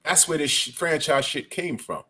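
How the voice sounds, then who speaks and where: A man's voice: fairly high pitch, moderate pace, sharp tone, breathy edge. A man giving an angry, profane rant as a boxing commentator. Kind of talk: ranting commentary.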